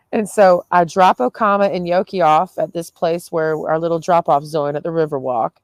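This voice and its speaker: A young woman with a low, deep-set voice chats loosely to camera, tired and nursing a headache. She swears freely and breaks into laughter between her sentences. The sound is close and dry, with no room around it. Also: fairly even intonation, moderate pace, long pauses, dry recording. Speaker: vlogger. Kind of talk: casual rambling vlog.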